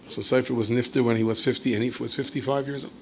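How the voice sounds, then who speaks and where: A rabbi gives a storytelling Torah lecture in a conversational way, with asides and self-corrections, at a quick pace. He's an animated storyteller who leaps high in pitch and loud in volume when acting out quoted speech, and there's a little hiss or hum in the recording.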